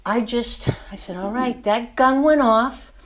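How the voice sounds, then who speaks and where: A woman's voice: a little high, a little slow, a bit bright, slight background noise. An older woman giving a motivational speech to her class, telling a story with emphasis and laughing at herself. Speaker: student speaker.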